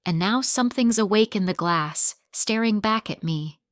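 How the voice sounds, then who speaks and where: A woman narrating a dark first-person story in a tense, dramatic way. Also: mid-range voice, moderate pace, dry recording, studio quality.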